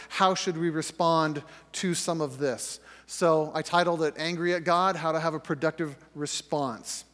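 A man's voice: on the high side, fairly bright tone. A middle-aged man teaching a sermon to a group in a conversational way, acting out prayers and correcting himself as he goes. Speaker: pastor. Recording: reverberant hall recording.

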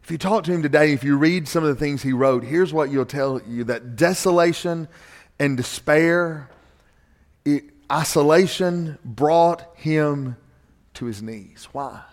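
A middle-aged man preaching a sermon from a church stage, emphatic and animated, repeating key phrases for effect. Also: fairly high pitch, a little slow. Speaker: pastor. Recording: long hall reverb from a church stage.

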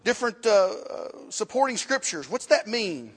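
Teaching a church Bible class, a man with a high, slightly rough voice speaks at normal speed with big pitch swings. He repeats points and questions the class while writing on a board, his voice ringing with long hall-like reverb.

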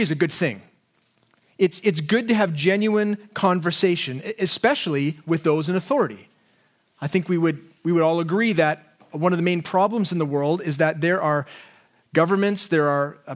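High-voiced earnest male preacher. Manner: earnest, repeats words for emphasis, asks listeners questions. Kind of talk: sermon.

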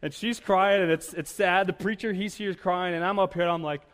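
A fairly high-voiced man delivers a sermon from the pulpit in a lively, storytelling way. He mixes humor with rhetorical questions. His voice rings out with a long reverb through the church hall. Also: a little fast. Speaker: pastor. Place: church sanctuary.

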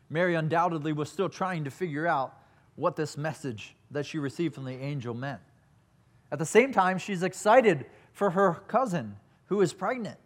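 A man preaching a sermon, telling a scripture story earnestly and reading verses aloud. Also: fairly high pitch. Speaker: pastor.

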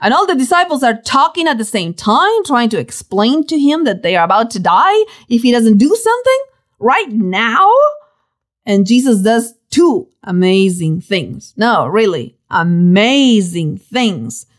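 A woman giving expressive Bible teaching, telling the story dramatically and stressing key words. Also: normal speed. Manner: dramatic, animated storytelling with sudden pitch swings.

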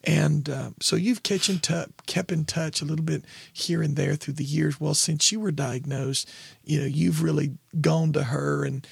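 A man co-hosting a podcast in casual chat, telling family stories and jumping high in pitch when he quotes himself. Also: moderate pace, gravelly, breathy edge, dry recording. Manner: animated storyteller, jumps high when quoting himself. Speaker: podcast co-host, pastor.

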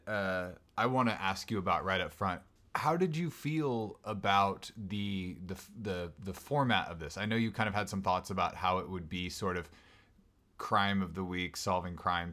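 A man with a fairly low voice co-hosts a casual podcast about a TV series. He works through his thoughts out loud, hesitating and restarting as he goes. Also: animated, measured pace. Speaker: podcast co-host. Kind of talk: casual TV recap chat.

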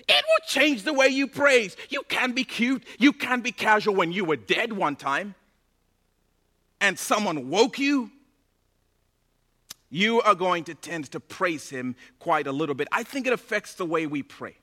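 Bright, high-voiced man preaching a sermon. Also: sing-song, a little slow. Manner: impassioned preaching, builds to loud bursts. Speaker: pastor.

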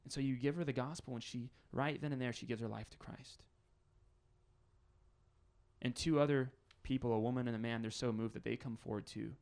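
A man's voice: medium pitch, fairly even intonation, a little fast, gravelly, darkish tone. A man preaching a conversational sermon as pastor, building scenarios with rising intensity.

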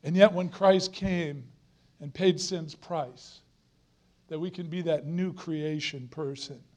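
High-voiced earnest male preacher. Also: fairly even intonation, slow, a little mellow. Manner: earnest, emphatic, repeats phrases for stress. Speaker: guest preacher. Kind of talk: sermon.

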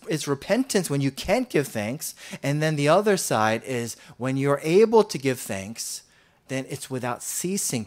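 Preaching with earnest conviction, this slightly high-voiced pastor booms out scripture and then drops nearly to a whisper. His sermon is marked by frequent repetitions and restarts.

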